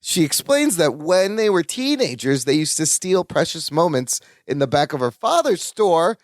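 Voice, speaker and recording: A man's voice: fairly high pitch, very animated, normal speed, dry recording, clean studio sound. A man co-hosting a podcast, playfully recapping a sitcom episode and laughing often. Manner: playful, laughs often while retelling scenes. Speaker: podcast co-host.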